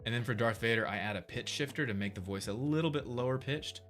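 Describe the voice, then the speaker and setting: A man streaming his game development, thinking aloud in a relaxed, casual way while he tests things. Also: medium pitch, fast, soft background music. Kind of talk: casual livestream commentary.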